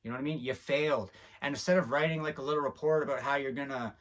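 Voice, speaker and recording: A man's voice: medium pitch, steady tone, quick pace, a bit bright. A man hosting a video, giving a heated, preachy commentary straight to camera and getting worked up as he talks. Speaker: video host.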